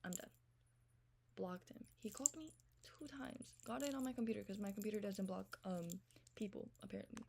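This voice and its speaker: Over a slight hiss or hum, a young woman with a medium-pitched voice and vocal fry recounts a text argument for a storytime vlog. Her telling is rapid, profane and exasperated, swinging from loud rants to hushed asides.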